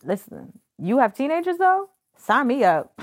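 A woman's voice: sits high, normal speed, no echo. Woman podcast co-host, casual chat, storytelling, acts out voices, dry close sound. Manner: animated storyteller, acts out dialogue.

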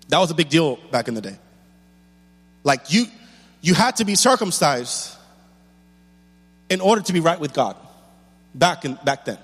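High-voiced man preaching in a hall. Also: very animated, moderate pace, pauses often. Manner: preaching with rising intensity and rhetorical questions. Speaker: pastor. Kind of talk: sermon.

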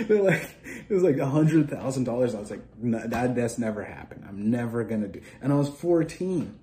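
A man's voice: medium pitch, animated, a little fast, mellow. A young man hosting a solo show, rambling and profane in a scattered, stream-of-consciousness way. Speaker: podcast host.

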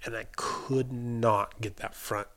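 A man's voice: medium pitch, steady tone, slow pace, a bit bright. A young adult man, a bike mechanic guest, telling a story in a casual, chatty way, full of "like" and acted-out quotes. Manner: chatty, lots of "like" fillers, acts out quoted dialogue.

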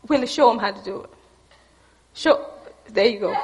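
High-voiced woman preaching in a reverberant church. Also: moderate pace, pauses often, a little hiss or hum. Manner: emphatic, swings from loud preaching to hushed near-whisper; folksy, addresses the congregation as y'all. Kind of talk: sermon.

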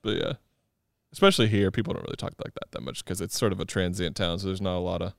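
A man reflecting on a film in a casual podcast chat, pausing and searching for words. His voice sits low and comes across smooth and clear. Recorded close and dry. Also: fairly even intonation, dry recording. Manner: thoughtful, halting, with frequent "um" and "like". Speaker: podcast co-host. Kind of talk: casual movie discussion.

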